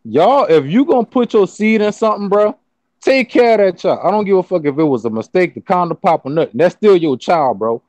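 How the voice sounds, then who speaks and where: A man's voice: sits high, lively intonation, brisk, a little mellow, dry recording. A man speaking as a guest in a casual chat, blunt and profane, lecturing his listeners. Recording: dull lo-fi audio.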